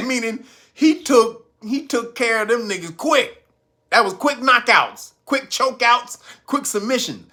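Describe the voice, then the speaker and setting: Male podcast host, high and sharp-toned, crude comic rant full of laughs. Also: big pitch swings, slow. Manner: laughing often, acting out quotes loudly. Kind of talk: profane comedic commentary.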